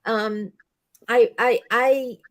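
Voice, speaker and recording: A woman's voice: on the high side, steady tone, drawn-out words. A woman whose first language is Portuguese, telling stories animatedly in casual chat and repeating words as she searches for them.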